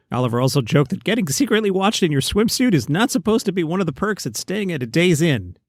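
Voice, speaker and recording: A man's voice: on the high side, lively intonation, dry recording, studio quality. Wry New York man hosting comedy news. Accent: Queens, New York. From New York City. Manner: wry, quick asides and sarcastic digressions. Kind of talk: casual comedy news monologue. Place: outdoors by a pool.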